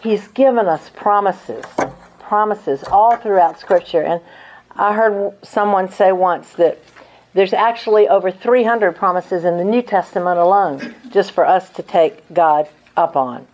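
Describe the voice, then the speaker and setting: An older woman giving an earnest, measured Christian teaching talk, reading scripture passages aloud. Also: medium pitch, darkish tone, lo-fi sound. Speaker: Christian speaker.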